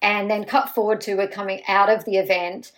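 A woman guest on a podcast, telling stories in an animated, self-mocking way. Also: mid-range voice, brisk. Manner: lively, self-mocking storyteller.

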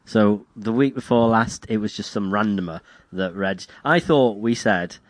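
A man in casual podcast chat, chatty and quick to laugh. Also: on the low side, no room sound. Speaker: podcast co-host.

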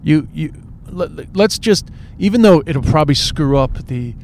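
Speaking somewhat slowly, this Irish podcast co-host has a fairly high, expressive voice with vocal fry and a slightly mellow quality. He's in casual conversation in a moving car, often breaking off and restarting phrases, while traffic and train noise carry on outside.

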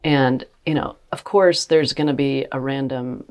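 A woman's voice: extremely low pitch, fairly even intonation, a little slow, darkish tone. A woman co-hosting a podcast in casual chat, easygoing, chiming in with asides and no regional accent. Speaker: podcast co-host. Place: closet in a cottage. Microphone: portable mic.

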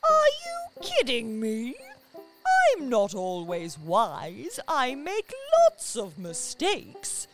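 A woman's voice: fairly high pitch, huge pitch swings, over loud music, voice pushed down, full character voice. A woman voicing a tired wise old owl in a children's storybook reading. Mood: weary. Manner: slow, weary storybook voice.

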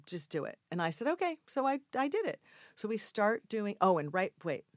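An older woman telling a casual anecdote in an interview, acting out the quoted voices with sudden loud, high outbursts. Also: normal speed, no echo, clean studio sound. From Mexico. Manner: animated storyteller acting out quoted lines with big jumps in pitch and volume. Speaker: actress guest telling a story.

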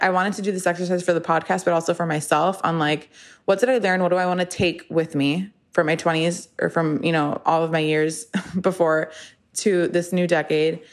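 A podcast host, a woman of thirty with a voice a touch low for a woman, gives a casual solo monologue straight to her audience. She is chatty and self-deprecating, and her relaxed, rambling talk leans heavily on fillers like "like" and "you know."

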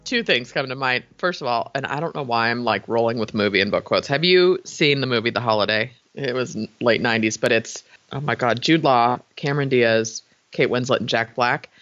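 A middle-aged woman chats openly as a podcast guest, her pitch swinging up and down as she talks. She sounds heartfelt and laughs easily. The recording is slightly dull and lo-fi, with very little room sound. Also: animated, a little fast, few pauses, fairly bright tone, dry recording. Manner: chatty and heartfelt, laughs often. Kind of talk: casual interview talk.

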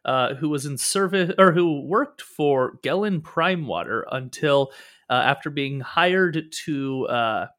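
A man's voice: a little high, expressive, unhurried, a bit bright. A man narrating as game master of a tabletop game, rambling and restarting his sentences. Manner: rambling, many fillers and restarts.

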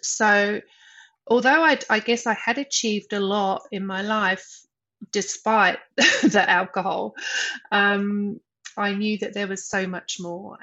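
A woman guest in an interview, speaking slowly and reflectively with soft laughs. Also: mid-range voice, dull audio. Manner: slow, reflective, laughs softly. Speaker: guest, sobriety coach.

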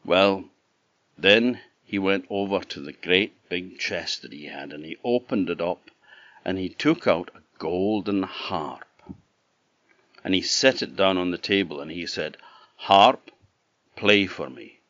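A man from the Orkney Islands, telling a traditional fairy tale in an animated, conversational way with asides to the listener, on a dull, dry lo-fi recording. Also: low-pitched, a little slow, no echo. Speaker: storyteller. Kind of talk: traditional oral storytelling.

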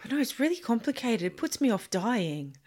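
A woman co-hosting a casual podcast, slightly hoarse from a cold, bantering playfully and giggling easily. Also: a little high, big pitch swings, fairly quick, a little mellow. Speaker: podcast co-host.

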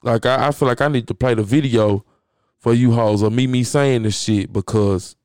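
A man's voice: medium pitch, fairly even intonation, normal speed, darkish tone, no room sound, clean studio sound. A man hosting a podcast, giving a blunt, profane motivational rant and hammering his points home by repeating phrases. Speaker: podcast host.

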